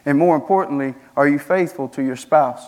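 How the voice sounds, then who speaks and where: A young male student pastor preaches a sermon from the pulpit in a voice a little high for a man, with a darkish tone and fairly quick pace. He drives points home with strings of rhetorical questions and rising emphasis.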